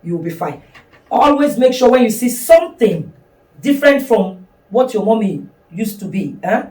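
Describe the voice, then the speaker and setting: A woman's voice: on the high side, big pitch swings, normal speed, a little mellow. A middle-aged woman, hosting a podcast and speaking reassuringly as a mother. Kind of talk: casual podcast chat. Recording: echoey room, far from the mic.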